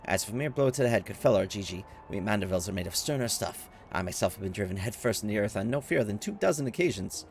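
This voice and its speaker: A man voicing a pompous, self-assured gentleman adventurer in a grand, flowery way. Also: on the low side, expressive, fast talker, hardly any pauses, slight background noise. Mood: boastful.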